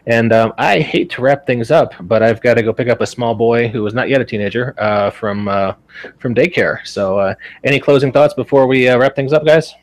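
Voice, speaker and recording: A man's voice: medium pitch, a little fast. A man in his forties hosting a podcast in casual chat, rambling with lots of fillers and easy laughs. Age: 40s. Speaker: podcast host.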